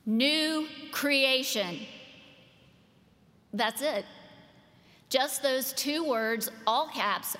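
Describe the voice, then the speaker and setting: A woman delivering a sermon in a church, her voice sitting a bit high for a woman. She speaks slowly and deliberately, pausing to stress key words. A long reverb trails each phrase, as in a large hall. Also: a bit bright. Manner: slow, deliberate delivery with emphatic pauses. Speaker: preacher.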